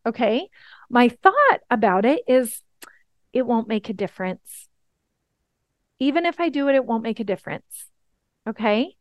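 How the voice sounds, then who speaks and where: A woman's voice: on the high side, no echo. A woman giving a coaching lesson, talking straight to her listeners and often checking in with "okay?" and "right?". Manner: talks directly to listeners, repeating "okay?" and "right?". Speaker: life coach.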